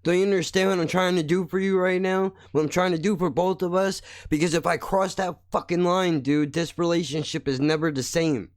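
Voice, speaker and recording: A man's voice: high voice, fairly even intonation, brisk, few pauses, no room sound, studio quality. A man hosting a podcast, ranting in a blunt, heated, constantly swearing monologue. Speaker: podcast host. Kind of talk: angry profane monologue.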